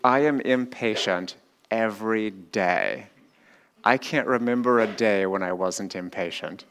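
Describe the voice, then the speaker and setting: A middle-aged man preaching a sermon in a church. He swings between loud, animated retellings and quiet, slow reflection. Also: fairly low pitch. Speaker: pastor. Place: church hall with a screen.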